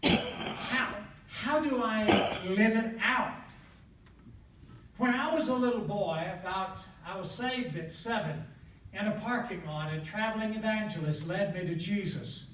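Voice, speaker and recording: An older evangelist from the American South tells stories in a folksy, animated way that often breaks into laughter. His voice sits unusually high for a man. He is recorded from a distance in an echoey room with a faint hiss underneath. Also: measured pace. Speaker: traveling evangelist guest. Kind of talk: storytelling testimony in conversation.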